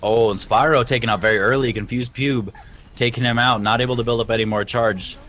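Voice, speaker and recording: A man giving relaxed, chatty color commentary during a live esports match. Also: mid-range voice, a little fast, slight background noise.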